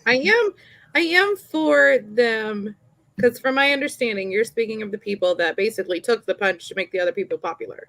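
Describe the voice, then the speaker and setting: A woman's voice: fairly high pitch, lively intonation, a little fast, vocal fry, fairly bright tone, no room sound. A woman co-hosting a podcast, giving her views earnestly in casual conversation. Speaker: podcast co-host. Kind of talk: casual chat.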